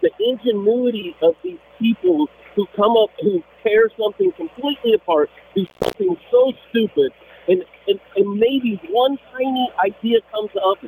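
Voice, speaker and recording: A man's voice: extremely high pitch, animated, moderate pace, a little mellow, slight background noise. A man calling in to a radio talk show, arguing with passion and often repeating his words. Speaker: caller. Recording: tinny dry phone line.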